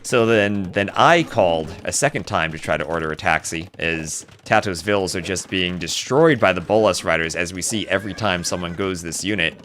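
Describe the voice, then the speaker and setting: A man casting a live strategy game, mixing chatty storytelling asides with excited play-by-play calls. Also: sits low, moderate pace, few pauses, slight background noise. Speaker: esports caster. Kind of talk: live game commentary with casual chat.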